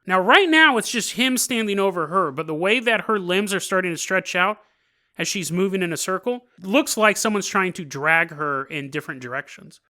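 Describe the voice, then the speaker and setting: A man hosting a podcast, telling a story casually with joking asides and quick laughs. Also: sits high, animated, bright, forceful tone. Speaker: podcast host.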